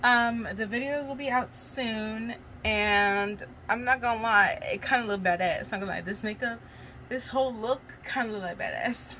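A woman reading a fan fiction aloud to her audience, casual and outspoken, reacting loudly and swearing. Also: on the high side, moderate pace, slight background noise. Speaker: story reader.

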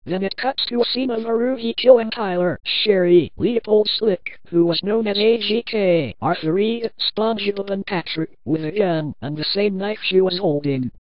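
A woman's voice: mid-range voice, moderate pace, hardly any pauses, no room sound. Woman reading a horror story, lo-fi. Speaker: narrator.

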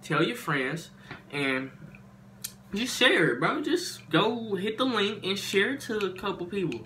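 A man's voice: high-pitched, lively intonation, unhurried, bright, forceful tone, a little hiss or hum. A young man telling a storytime story to his viewers in casual slang, animating and exaggerating as he goes. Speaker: YouTuber.

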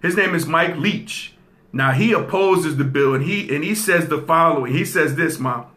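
A man's voice: a little high, normal speed, a bit bright. A man hosting a casual commentary show, talking straight to his audience, repeating points and checking in with "okay?". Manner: repeats phrases for emphasis. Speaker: host.

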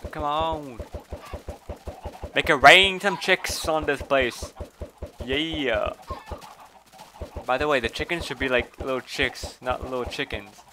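A man's voice: medium pitch, a little slow, noisy background. A man giving casual gameplay commentary, chatty, swearing, and talking to the animals in the game. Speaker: gameplay video host.

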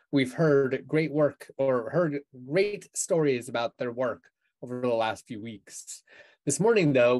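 A man leading a church service, giving offering announcements in a measured, earnest way. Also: mid-range voice, darkish tone. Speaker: worship leader.

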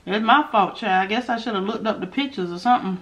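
A female food vlogger chats casually during a mukbang, eating while addressing her viewers directly as "y'all" with playful asides and hums. She talks fast at a medium pitch, and the recording's highs are cut off.

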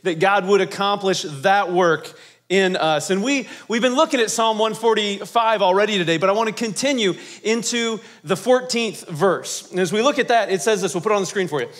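A man's voice: sits high, brisk, a bit bright. A man preaching as pastor, leading the congregation in call-and-response. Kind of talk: sermon.

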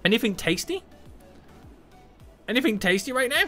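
Brief: upbeat male streamer, bright voice, playful, lively swooping delivery. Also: extremely high pitch, normal speed, soft background music. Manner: excitable and playful, hums and exclaims. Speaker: gaming streamer. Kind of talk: live gameplay commentary chatting with viewers.

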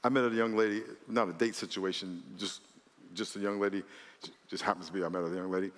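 A man preaching a sermon as pastor, animated, with lots of repetition and acted-out dialogue in a church. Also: low-pitched, quick pace. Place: large church hall. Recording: long hall reverb.

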